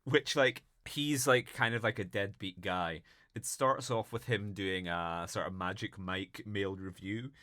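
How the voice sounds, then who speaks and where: A man's voice: measured pace, no echo, studio quality. A man co-hosting a podcast, chatting casually and animatedly retelling film scenes. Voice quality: swears casually. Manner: animated retelling with high-pitched mocking voices. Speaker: podcast co-host. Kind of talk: casual chat.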